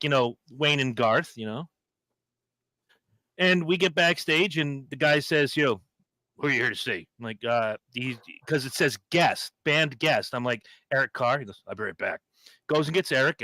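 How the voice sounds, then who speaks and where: Male podcast co-host in his fifties, animated storyteller, bright tone, dry close sound. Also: mid-range voice, no echo. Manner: animated storyteller, acts out quotes. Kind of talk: casual chat.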